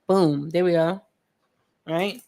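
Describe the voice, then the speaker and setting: A young woman hosting a casual painting tutorial at home, chatty and joking with viewers, often clearing her throat. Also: lowish voice, fairly even intonation, takes it slowly, mellow. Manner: chatty, joking asides, talks to viewers as friends; frequent laughs and throat clearing. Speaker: art tutorial host. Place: home studio with a fan running.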